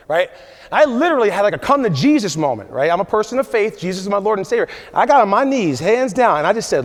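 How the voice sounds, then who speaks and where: A man's voice: high-pitched, lively intonation, quick pace. A man in his forties giving an emphatic motivational keynote at a conference, often checking in with the audience with "right?". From USA. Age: 40s. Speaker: conference speaker. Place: large conference hall. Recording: long hall reverb.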